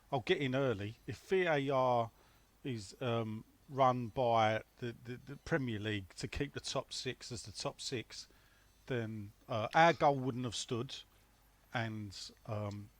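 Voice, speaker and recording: A man's voice: medium pitch, a little slow, no room sound. Teasing man on a fan podcast. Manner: dry, teasing banter. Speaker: podcast panelist. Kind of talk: casual fan podcast chat.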